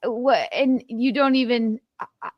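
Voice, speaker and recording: A woman's voice: a little high, moderate pace, no echo, muffled recording. A woman co-hosting a casual reaction chat, sarcastic and outspoken, with swearing. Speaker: co-host.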